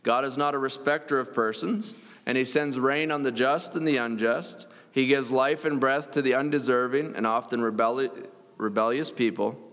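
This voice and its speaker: Male preacher, mid-pitched, earnest sermon delivery, long hall reverb. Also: fairly even intonation, moderate pace, fairly bright tone. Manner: earnest, reads scripture aloud, chuckles now and then.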